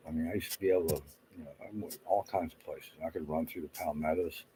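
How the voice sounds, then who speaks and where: Older guy, very low voice, rambly and swearing, home livestream host. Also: steady tone, quick pace, mellow, slight background noise, poor audio. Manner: swearing, flustered, talking to himself.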